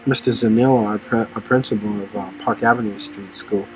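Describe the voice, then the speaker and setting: A middle-aged man from the Los Angeles area tells rambling personal stories about faith, speaking a little fast in a steady tone. He voices other people with sudden high-pitched shouts. The rough recording has soft music in the background.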